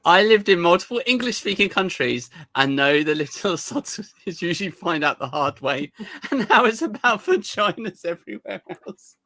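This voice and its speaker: A woman's voice: fairly low pitch, animated, normal speed, a bit bright, dry recording. A woman co-hosting a casual livestream chat, dry and teasing in her remarks. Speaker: guest co-host.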